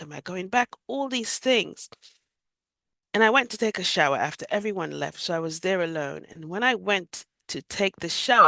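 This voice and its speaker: A woman tells her own story in an interview. Her pitch rises and falls in a lively way, and she recounts it with vivid emotion. The recording is dry and close. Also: no echo. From Jamaica. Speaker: guest sharing a near-death experience.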